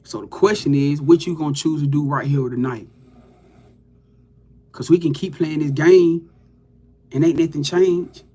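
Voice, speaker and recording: A man's voice: a little high, a little slow, long pauses, dark tone, breathy edge. A man giving a loose, profane, hyped-up motivational pep talk to his viewers as a livestream host.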